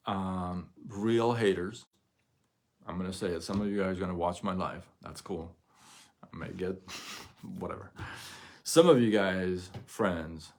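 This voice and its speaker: A middle-aged man hosting his own livestream, talking candidly and rambling to viewers with frequent restarts and chuckles. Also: low-pitched. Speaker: live-stream host. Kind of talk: casual livestream talk to viewers.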